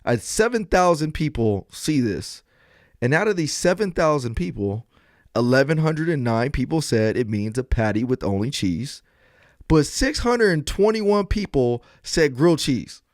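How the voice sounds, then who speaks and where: A man's voice: a little high, normal speed, no room sound, clean studio sound. A man hosting a podcast, telling a story with a laugh and acting out the lines of others. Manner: animated storyteller, laughing, acts out dialogue. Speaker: podcast host. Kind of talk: casual chat.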